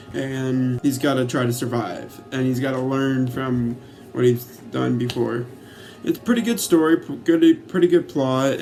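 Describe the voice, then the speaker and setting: A man's voice: mid-range voice, darkish tone. A man casually recapping a movie he loves, rambling with many fillers and swearing freely. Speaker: YouTuber reviewing a movie.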